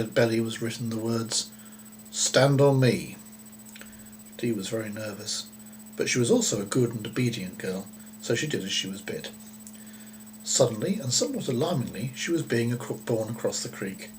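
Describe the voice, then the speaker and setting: A man reading a children's story aloud in a gentle, unhurried way, with occasional small slips. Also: mid-range voice, a little hiss or hum, low-quality recording.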